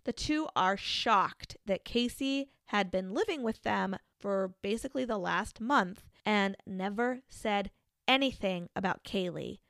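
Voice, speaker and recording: A woman's voice: mid-range voice, vocal fry, a bit bright, no echo, studio quality. A woman co-hosting a podcast, telling a true-crime case in a casual, conversational way with fillers and restarts. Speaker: podcast co-host.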